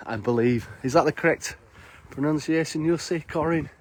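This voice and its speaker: A man's voice: a little high, normal speed, slight background noise. A man chats casually as he hosts a live stream, greeting viewers by name while walking outdoors through snowy streets. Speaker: live-stream host and bar worker.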